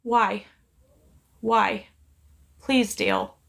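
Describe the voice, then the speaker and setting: A middle-aged woman speaks softly and earnestly into her phone during a live stream, her voice gentle and pleading. She sounds reassuring and steady, at an everyday pitch, as she talks to someone we never hear. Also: very slow, creaky. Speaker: psychic medium live-streaming. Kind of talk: live stream, one side of a conversation.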